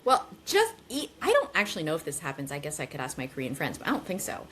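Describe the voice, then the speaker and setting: A woman from the United States speaks as a podcast guest in casual, reflective conversation. Her voice sits low, but her pitch swings widely as she leans into points. A faint hiss of background noise is heard behind her. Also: wildly swooping pitch, quick pace, fairly bright tone.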